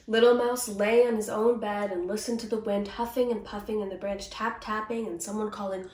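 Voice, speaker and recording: A woman reads a children's storybook aloud, gentle and expressive, in a mid-range voice. The recording is roomy and she sits back from the mic. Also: mid-range voice, a little fast, few pauses, recorded from a distance. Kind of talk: storybook reading. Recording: echoey, from off the mic.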